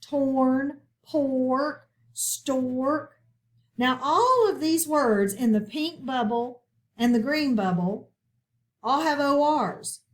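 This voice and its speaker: Slow, high-voiced woman teaching phonics. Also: very animated. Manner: patient, checks in often with "okay?". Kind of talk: recorded phonics lesson.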